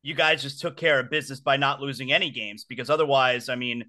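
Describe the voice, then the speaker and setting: A man hosting a sports talk show, firing quick, pointed questions at his guest. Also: mid-range voice, fairly even intonation, bright, forceful tone.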